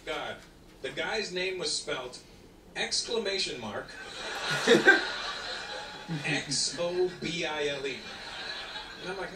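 Animated man telling a stand-up story. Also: on the high side. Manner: animated, drawn-out storytelling with sudden loud bursts. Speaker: stand-up comedian. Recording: echoey hall, distant, noisy playback.

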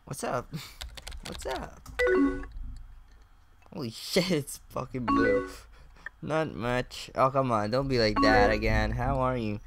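Slow-talking young man narrating a game. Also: medium pitch, over loud music. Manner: reads chat aloud, swears and laughs often. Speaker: gaming YouTuber. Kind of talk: casual let's-play commentary.

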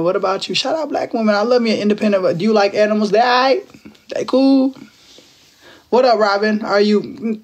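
Young guy from Texas, high pitched, playful slangy livestream banter, talking into his phone. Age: 20s. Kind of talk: casual live-stream chat with viewers.

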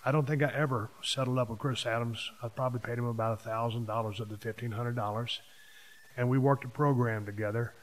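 A man, hosting a podcast and telling stories from his past in a casual monologue, hitting key words with sudden louder bursts. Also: medium pitch, steady tone, fast. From Texas. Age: 50s. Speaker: podcast host.

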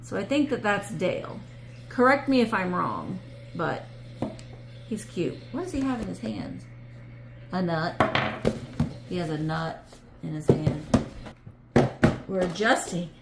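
A woman's voice: lowish voice, animated, a little slow, vocal fry, pauses often, loud music behind the voice. Chatty woman vlogging, voice bounces up and down a lot, echoey room. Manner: chatty and playful, musing aloud. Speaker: vlog host. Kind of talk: casual chat. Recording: echoey room with some background noise.

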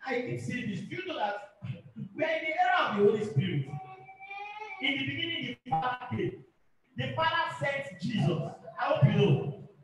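A male pastor preaches fervently in a very high voice, repeating himself and calling for amens. He sounds far from the microphone in a big, booming, echoey hall. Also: lively intonation, normal speed, fairly bright tone. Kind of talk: sermon.

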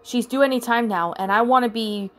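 A woman's voice: a little high, a little fast, close to an everyday voice. A woman voicing a protective, hot-tempered young male lion, reading his lines plainly in a storybook reading. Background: soft background music.

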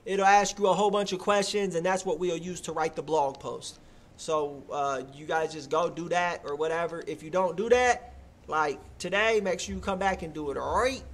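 A man's voice: on the high side, moderate pace. A man hosting a live music review show, chatting casually in loose slang and filling his talk with "like" and "you feel me". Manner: hyped and loud when cheering a track. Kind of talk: casual live-stream commentary.

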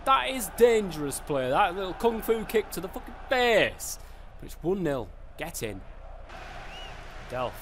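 A young man with an English accent talks through a football video game as he plays it. His voice sits high and swings widely as he gets excited, and he swears and shouts at the game freely. A faint hiss of noise runs under the recording. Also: a little slow. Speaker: gaming YouTuber. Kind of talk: live gameplay commentary.

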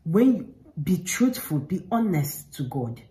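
A woman's voice: on the low side, sing-song, unhurried, mellow, poor audio. A woman talking straight to the camera, giving earnest, informal faith advice and repeating herself for emphasis. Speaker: faith vlogger.

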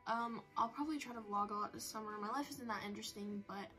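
Teen girl vlogger, chatty and self-mocking, a bit high, phone mic, soft music under. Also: fast talker, low-quality recording. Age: teens. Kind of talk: casual chat to camera.

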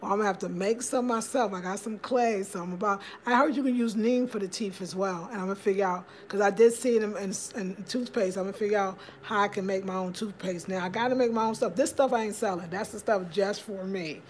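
Woman hosting a relaxed home livestream, chatty and upbeat, reading out viewer comments. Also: medium pitch, fast talker, a little hiss or hum. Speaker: livestream host.

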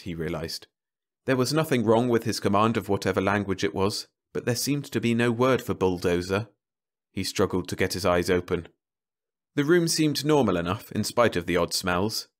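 Low-voiced male audiobook narrator. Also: lively intonation, normal speed.

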